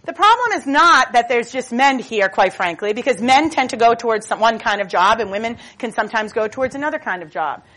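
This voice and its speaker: A woman speaks from a stage as a motivational speaker, her voice sitting a touch high. She talks nonstop in a lively, storytelling way, dropping self-mocking jokes as she goes. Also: fairly quick, hardly any pauses. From Boston. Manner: jokey, self-mocking asides. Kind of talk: stage talk.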